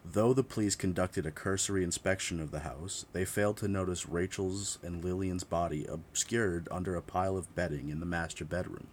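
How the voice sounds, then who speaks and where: Deep-voiced man narrating true crime, blunt and profane. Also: a little hiss or hum. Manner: reads steadily, breaks off into profane, blunt asides; corrects his own slips mid-sentence.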